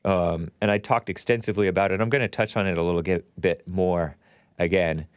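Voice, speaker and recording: A man hosting a live-streamed call-in talk show, animated and jokey, chuckling as he reads chats. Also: fairly low pitch, moderate pace, clear, resonant tone, dry recording, clean studio sound. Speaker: show host.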